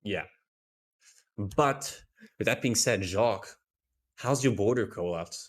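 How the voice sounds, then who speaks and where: Low-voiced tired esports caster man. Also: slow. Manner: chatty, playful, often restarts phrases. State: tired, yawning. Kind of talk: live esports commentary.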